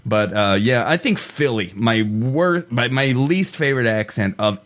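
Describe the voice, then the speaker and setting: A man's voice: mid-range voice, expressive, a little slow, fairly bright tone. A man in his thirties, a podcast co-host, bantering bluntly and dismissively. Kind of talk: casual chat.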